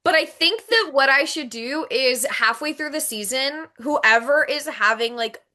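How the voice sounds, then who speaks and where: A young woman on a casual podcast, talking in a rambling, chatty way with plenty of fillers. Her voice sits a touch high and sounds very bright and sharp. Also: measured pace. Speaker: podcast co-host. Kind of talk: casual chat.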